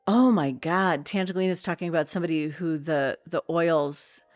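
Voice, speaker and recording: A woman's voice: deep voice, normal speed, no echo, muffled recording, faint music behind. A middle-aged woman streaming a game, chatting casually with viewers in a rambling way full of fillers and self-corrections.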